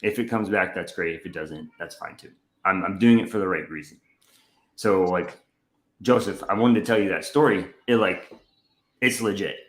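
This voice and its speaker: A young man co-hosting a casual chat, telling a story with lively acted-out quotes. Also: moderate pace, echoey room. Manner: animated storyteller who acts out quotes with a jumpy pitch. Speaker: podcast co-host.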